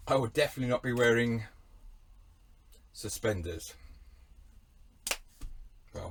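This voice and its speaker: A man's voice: medium pitch, a bit bright, breathy edge. A man with an English accent who hosts a van channel, delivering a wry, digressive, rambling monologue with a mock-pompous air. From England.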